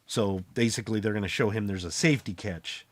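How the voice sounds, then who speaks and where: A man's voice: fairly low pitch, fast, no echo. A man narrating as game master in a casual tabletop role-playing game.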